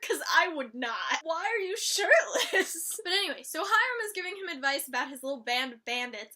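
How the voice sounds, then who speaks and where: A young woman chatting casually as she reviews a TV episode, animated and gushing, with exasperated outbursts. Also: sits high. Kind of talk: casual chat.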